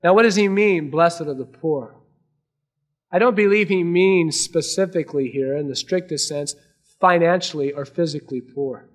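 Preaching to his congregation at a moderate pace, a pastor with a voice on the high side sounds earnest throughout. He shifts back and forth from loud emphasis to quiet, hushed lines.

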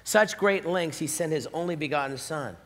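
A man with a slightly high voice preaches a sermon, swinging between booming emphasis and quiet asides. His voice carries the long reverb of a large church hall. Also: normal speed. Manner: animated preaching, swinging between loud and hushed. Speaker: pastor.

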